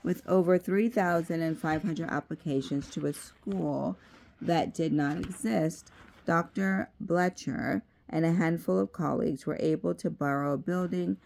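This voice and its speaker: A woman's voice: sits low, fairly even intonation, measured pace, gravelly, darkish tone. A woman reading aloud as a confident male author who speaks with a southern drawl. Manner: confident and storytelling.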